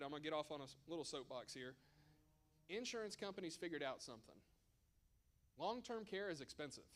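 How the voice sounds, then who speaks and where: A man presenting at a church seminar as a financial advisor, conversational and emphatic with joking asides. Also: fairly high pitch.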